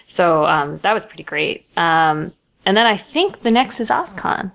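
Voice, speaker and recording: A woman from New York co-hosting a podcast in casual chat, explaining her points quickly with fillers. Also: on the low side, animated, creaky, a bit bright. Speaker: podcast co-host.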